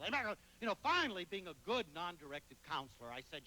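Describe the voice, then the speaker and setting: A man giving a motivational lecture, telling anecdotes dramatically with sudden swings between loud and soft. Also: high-pitched, very animated, fairly quick, hardly any pauses, rough recording. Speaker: motivational speaker.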